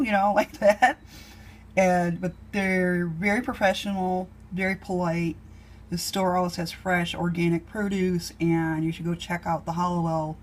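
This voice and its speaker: A woman's voice: on the low side, a little mellow. A woman chatting casually while cooking in her home kitchen, rambling with lots of ums. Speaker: home cook vlogger.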